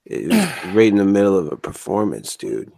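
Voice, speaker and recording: A man's voice: fairly low pitch, huge pitch swings, moderate pace, gravelly, warm tone, no echo, clean studio sound. A man co-hosting a podcast in casual banter, drawling and tacking "man" and "dude" onto his lines. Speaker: podcast co-host.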